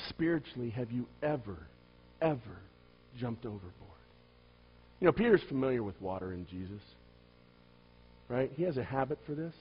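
A man preaching a sermon, firing rhetorical questions at the congregation and swinging between loud emphatic lines and quiet low asides. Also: expressive, moderate pace, long pauses, husky. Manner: asks the listeners many rhetorical questions. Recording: dull lo-fi recording.

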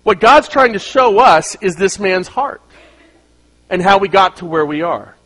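A middle-aged man preaching a sermon, swinging between loud emphasis and quiet asides. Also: high-pitched, animated, measured pace, rough recording. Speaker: pastor.

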